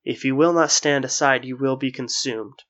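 A man's voice: medium pitch, normal speed, fairly bright tone, close to an everyday voice. A man voicing a solemn, desperate light-being. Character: eerie exiled light-being wisp, desperate and cold.

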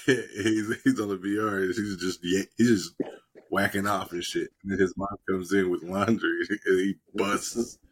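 A man's voice: deep voice, fairly even intonation, unhurried, breathy edge. A man in casual chat, rambling and profane, retelling TV scenes with laughs between his lines. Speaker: podcast co-host.

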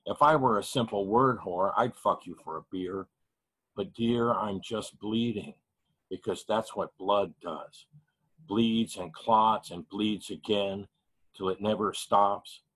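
Slow, grieving man reading poetry. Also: fairly low pitch, a bit bright, breathy edge, low-quality recording. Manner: measured, heavy pauses, grieving. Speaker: poet reading at an open mic.

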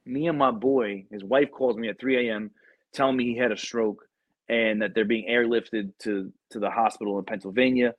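A man's voice: medium pitch, fairly even intonation, normal speed, no echo, highs cut off. Slangy young man telling stories. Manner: slangy, profane storytelling with many fillers. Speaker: podcast host. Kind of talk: casual chat.

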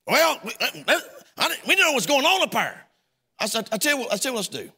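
A man's voice: very high-pitched, big pitch swings, fast talker, pushed and bright, breathy edge, long reverb tail. A man preaching a sermon as pastor, telling a folksy story and acting out both sides of a conversation. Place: church sanctuary.

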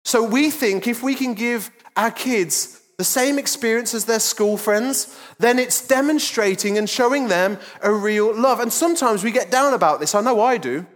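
A man's voice: very high-pitched, normal speed. A man, preaching a sermon as lead pastor in a casual, joking, self-deprecating way. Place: church auditorium. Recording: large church hall with long reverb.

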